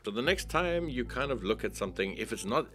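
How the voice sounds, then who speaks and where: A man talks casually to his co-host, his pitch swinging up and down as he rants. He swears loosely and keeps it conversational. Faint music plays behind him. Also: fairly quick. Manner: animated, ranting, swears casually.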